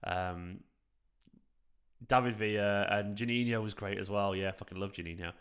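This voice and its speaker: A man in his thirties hosting a late-night live stream from home into a microphone, talking in a hushed, half-whispered way, with a raspy voice. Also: fairly low pitch, steady tone, moderate pace. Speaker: fan channel host streaming a match watchalong. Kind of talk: casual live chat with viewers.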